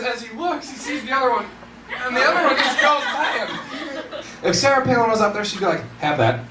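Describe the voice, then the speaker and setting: A young man doing stand-up comedy in a large hall, animated and laughing often, with bursts of shouting. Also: very high-pitched. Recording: roomy hall, distant mic, noisy.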